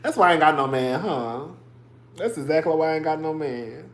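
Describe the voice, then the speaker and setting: A man hosts a casual livestream, his delivery sassy and animated. He cusses freely and breaks into laughter often. His voice carries a roomy echo. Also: a little high, a little fast. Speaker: livestream host.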